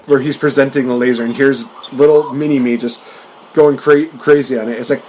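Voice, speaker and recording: A man's voice: medium pitch, fairly even intonation, darkish tone, slight background noise, rough recording. Chatty laughing male podcast host. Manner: laughs often while retelling comedy scenes; quick to slip into playful quoted voices. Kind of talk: casual chat.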